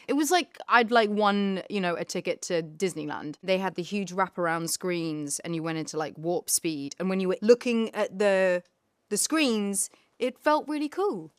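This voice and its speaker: Actress guest reminiscing, expressive and quick to well up, dry booth sound. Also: female voice, mid-range voice, dry recording. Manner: animated, emotional, quick to laugh and tear up. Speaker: actor guest. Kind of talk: casual interview chat.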